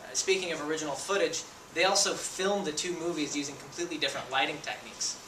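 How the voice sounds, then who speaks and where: A man's voice: on the high side, fast. A young man giving a persuasive contest speech, engaging the audience with questions. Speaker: student speaker. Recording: echoey room, voice from a distance, faint noise.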